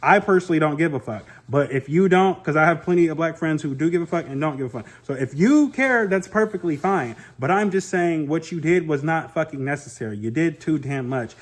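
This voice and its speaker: A man's voice: on the high side, fairly quick, few pauses, reverberant. A young man giving a casual, opinionated review of a reality TV season, talking bluntly with slang and frequent swearing.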